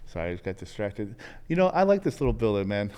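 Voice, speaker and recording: A man's voice: fairly low pitch, big pitch swings, quick pace, darkish tone, smooth, in a large hall. A man hosting a podcast, talking in a laid-back, chatty way and swearing casually. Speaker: podcast host.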